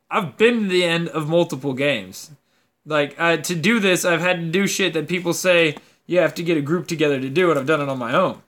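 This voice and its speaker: A young man hosting a gaming video, ranting casually in a profane, rambling, animated way. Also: fairly high pitch. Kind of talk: casual rant to camera.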